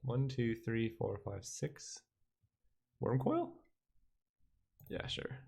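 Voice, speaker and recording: A man's voice: mid-range voice, sing-song, drawn-out words, vocal fry, a little mellow, breathy edge. A young man giving casual commentary while playing a digital card game, thinking aloud and counting under his breath.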